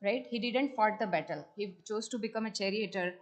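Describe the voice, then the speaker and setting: A woman presenting at a temple program. She reads passages aloud, then explains them conversationally at a medium pitch. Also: a little fast. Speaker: temple speaker. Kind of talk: reading takeaways and commenting.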